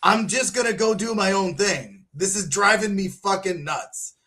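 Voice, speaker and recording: A man co-hosting a casual podcast chat, telling animated stories and swearing freely. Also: high voice, moderate pace. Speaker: podcast co-host.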